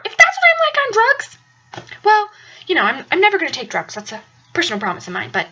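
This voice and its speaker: A woman's voice: very high voice, huge pitch swings, fast talker, bright, forceful tone, lo-fi sound. A young woman telling a story in a casual, chatty way, rambling and repeating herself for emphasis. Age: young adult. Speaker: vlogger.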